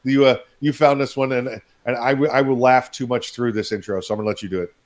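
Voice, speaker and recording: A man's voice: medium pitch, steady tone, fast. A man hosting a podcast in casual chat, joking and laughing often. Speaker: podcast host.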